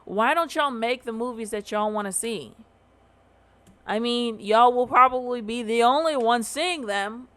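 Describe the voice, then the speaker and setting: Brief: weary, opinionated woman host, slight Southern US drawl, fairly high voice, blunt and profane. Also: moderate pace, a bit bright. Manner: opinionated, swearing, rhetorical questions. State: tired. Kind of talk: casual commentary.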